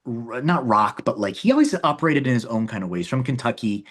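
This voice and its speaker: A man in an interview explains his own filmmaking work with animated energy. He repeats words and restarts his sentences often as his thoughts tumble out. His pitch sits in a middle range for a man. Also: a little fast, husky. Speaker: filmmaker guest. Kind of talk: casual interview talk.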